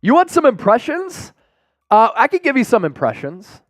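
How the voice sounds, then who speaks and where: Energetic high-voiced male stream host. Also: normal speed, no echo, studio quality. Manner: energetic, reads viewer super chats aloud. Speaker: sports show host. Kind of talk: live-stream sports chat and ad read.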